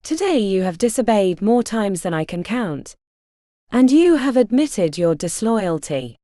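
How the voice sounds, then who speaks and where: Woman voicing a stern Norman baron, harsh, commanding, lively pitch, mellow tone. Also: unhurried, no echo, clean studio sound.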